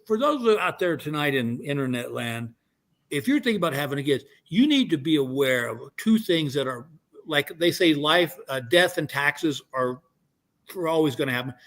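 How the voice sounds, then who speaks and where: A man's voice: fairly high pitch, a bit bright. Older man, rambling comic storyteller. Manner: rambling, restarts often. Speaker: guest comedian. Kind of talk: casual chat, storytelling.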